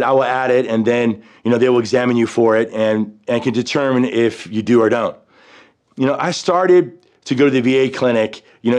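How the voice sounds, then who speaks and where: Halting, reflective veteran man in his fifties. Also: mid-range voice, darkish tone. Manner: halting and reflective, leans on "you know" and restarts. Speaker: military veteran. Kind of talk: personal storytelling.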